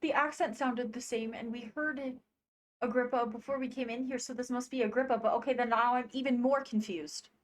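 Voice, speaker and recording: A woman's voice: on the high side, steady tone, fairly quick, a little hiss or hum. A woman streamer commentating her first playthrough of a horror game, chatty and wondering aloud, easily startled. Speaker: gaming streamer. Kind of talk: let's play commentary.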